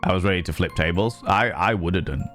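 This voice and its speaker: A man's voice: deep voice, fast talker, a bit bright, faint music behind. A man and streamer who does some voice acting, chatting casually on a livestream, swearing a lot and repeating himself for emphasis. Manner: profane, emphatic ranting; repeats phrases and restarts mid-sentence. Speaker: streamer and voice actor.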